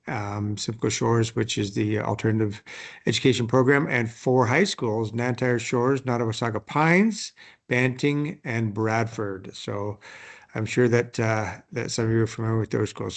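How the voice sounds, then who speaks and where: Gravelly man, measured and halting. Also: medium pitch. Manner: measured, hesitant. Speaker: superintendent. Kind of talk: virtual meeting introduction. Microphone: video call.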